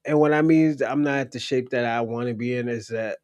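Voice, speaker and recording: A man's voice: medium pitch, brisk, darkish tone, dry recording. Blunt, profane man talking straight into the mic. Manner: blunt, profane, rambling storytelling. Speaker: livestream host. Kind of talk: casual livestream chat.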